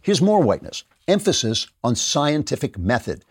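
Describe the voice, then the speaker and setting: A man's voice: medium pitch, big pitch swings, moderate pace, breathy edge, dry recording. A middle-aged man hosting a podcast, delivering a sarcastic political commentary monologue and mocking his opponents' views. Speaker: podcast host.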